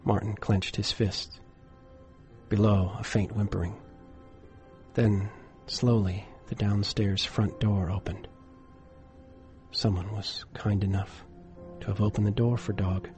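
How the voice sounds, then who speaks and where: A man narrating a horror story in a measured, dramatic way, dropping to a hush for suspense. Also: fairly low pitch, level tone, faint music behind.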